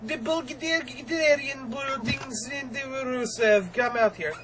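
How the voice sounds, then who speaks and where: A woman's voice: high voice, slow pace, background noise, pitched above the performer's own voice. A woman putting on a stern female wrestling manager with a mock Russian accent and menacing broken English. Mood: grandiose.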